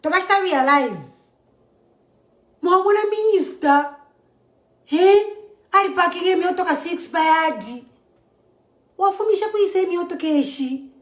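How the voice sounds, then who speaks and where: Zambian woman, high voice, fervent commentator in an echoey room. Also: animated, normal speed, pauses often. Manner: mixes English with local language, keeps asking "eh?". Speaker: social media commentator. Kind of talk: impassioned political monologue.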